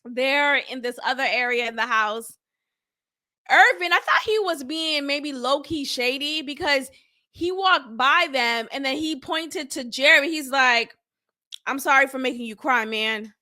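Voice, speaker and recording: A woman hosting her own podcast, recapping a reality show episode in a blunt, animated, slangy way and laughing often. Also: sits high, unhurried. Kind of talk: casual recap commentary.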